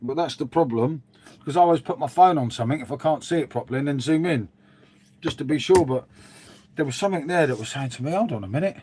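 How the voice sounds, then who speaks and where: Speaking fast in a slightly high, darkish voice with a breathy edge, a middle-aged man hosts a casual livestream from his dim home room. He rambles, reads out viewers' messages and answers them, calling everyone "mate."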